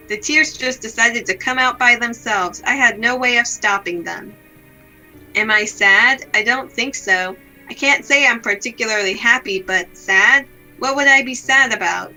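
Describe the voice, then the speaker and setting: A woman reads aloud the lines of a gloomy, self-blaming young woman from a visual novel, delivering them in a slow, subdued, melancholy way. Her voice is a little high with a sharp tone, and the recording is low quality.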